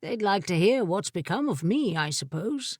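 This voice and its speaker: A woman's voice: mid-range voice, lively intonation, normal speed, no room sound, clean studio sound, lightly acted. A woman voicing a sheepish, dutiful young male prince in an audiobook. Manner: sheepish, mild.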